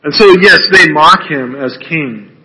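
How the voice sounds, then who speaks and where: Bright-voiced man preaching in a reverberant hall. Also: fairly high pitch, unhurried. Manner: checks in with "right?" tags and frequent "uh" fillers. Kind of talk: conversational Bible teaching. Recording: long reverb of a large hall.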